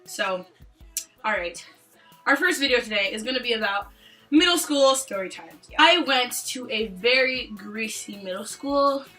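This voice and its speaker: A woman's voice: fairly high pitch, a little slow, soft background music, low-quality recording. A young woman from Canada chatting casually in a storytime vlog, joking and acting out the people in her stories. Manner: animated, joking, acts out quoted lines. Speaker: vlogger.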